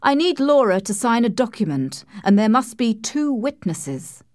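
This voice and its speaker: A woman voicing a short-tempered Victorian gentleman who shouts and gives orders. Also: a little high, sing-song, normal speed, dry recording, studio quality, pitched above the performer's own voice. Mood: commanding. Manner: shouting, commanding.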